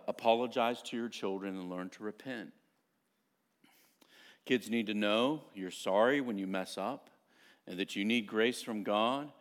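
A middle-aged man preaching a sermon as pastor, telling family stories in an animated, self-mocking way. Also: lowish voice.

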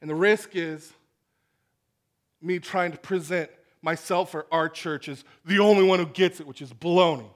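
A man preaching a sermon to a congregation, animated and acting out the voices in his stories. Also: fairly high pitch, normal speed. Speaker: pastor. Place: church hall with congregation.

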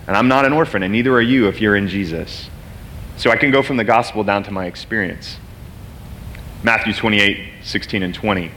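A man's voice: on the low side, fairly quick, pushed and bright, a little hiss or hum. A man giving a sermon as a guest preacher, earnest and personal, speaking openly about his own struggles. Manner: earnest, personal, emotional at times.

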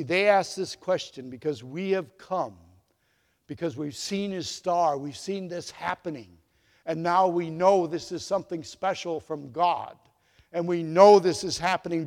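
Male pastor, high voice, storytelling sermon with swings between loud and soft, long hall reverb. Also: unhurried. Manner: storytelling, acts out the quoted dialogue with big swings in loudness.

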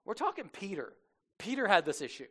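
A man preaching a casual sermon as a lively storyteller, slangy and animated, acting out the people he quotes. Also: high-pitched, brisk, slightly rough.

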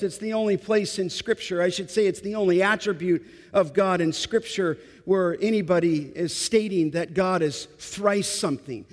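A man's voice: sits high, moderate pace, few pauses, big-room sound. A man pastor preaching a sermon, building emphasis through repetition.

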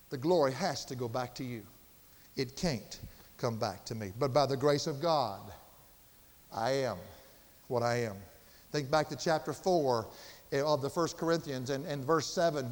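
A man preaching a sermon, earnest, slowing down and building for emphasis. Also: on the high side. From Southern United States. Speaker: pastor. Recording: reverberant church hall.

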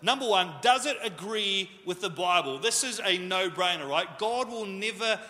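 Male pastor, casual jokey sermon delivery, high and bright, echoing church hall. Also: lively intonation, moderate pace. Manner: jokey, self-deprecating, conversational. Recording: echoey hall reverb.

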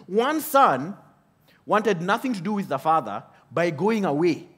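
A man preaching a sermon in an animated way, often asking the audience questions. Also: high voice, a little slow, breathy edge.

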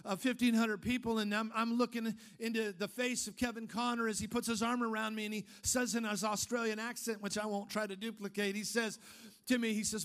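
A man preaching a sermon, firing off emphatic rhetorical questions and then dropping into a low, casual storytelling tone. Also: level tone, a little fast, fairly bright tone. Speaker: pastor.

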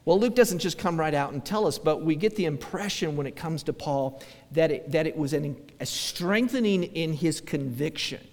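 A man's voice: a little high, normal speed, creaky, long reverb tail. A male pastor preaching a conversational sermon, acting out quoted voices and often restarting his sentences.

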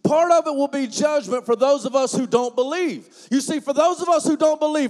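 A man with a high, bright voice delivers a sermon with a folksy, joking manner. He drops low and quiet for confiding asides, then builds to loud, emphatic preaching. His voice carries a long reverb from the church hall. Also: fairly quick, few pauses. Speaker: pastor.

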